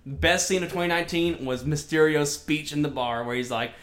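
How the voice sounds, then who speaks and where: A man in casual chat who laughs often, swears freely and rambles through excited retellings. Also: a little high, brisk, roomy sound.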